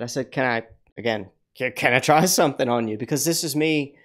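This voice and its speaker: A man in a middle pitch hosts a casual livestream. He rambles through personal stories with frequent restarts and the odd curse. He slips into other people's voices as he tells them. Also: a little fast. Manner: animated, acts out the voices of people in his stories. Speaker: livestream host.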